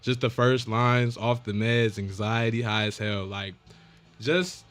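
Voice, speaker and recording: A man's voice: medium pitch, unhurried, a bit bright, soft background music. Laid-back man chatting as podcast guest. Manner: laid-back, lots of "man" and "like", thanks repeatedly. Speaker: guest rapper. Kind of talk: casual podcast chat.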